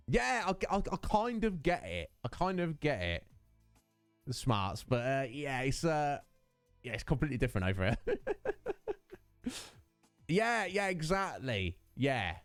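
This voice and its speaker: Brief: British streamer, thirties, chatty and animated, bouncing pitch, dry sound with faint music. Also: male voice, no room sound. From United Kingdom. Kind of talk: casual chat with stream viewers.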